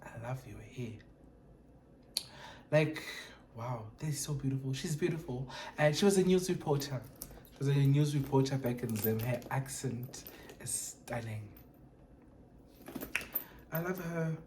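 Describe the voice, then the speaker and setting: A vlogger chatting casually through an unboxing, gushing and animated, switching between English and Sesotho. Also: mid-range voice, unhurried, long pauses, a little hiss or hum.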